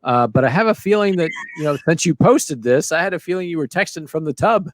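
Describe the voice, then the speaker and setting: A man's voice: on the high side, expressive, fairly quick, no echo. A man hosting a podcast, cheering his guest on and leading the interview in a casual, encouraging way. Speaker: podcast host.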